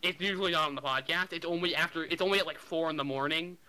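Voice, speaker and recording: A young man from the Boston area, rambling and excitable as he co-hosts a podcast chat. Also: a little high, a crowd in the background, low-quality recording. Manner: rambling, excitable, quick to laugh. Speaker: podcast host. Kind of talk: casual chat.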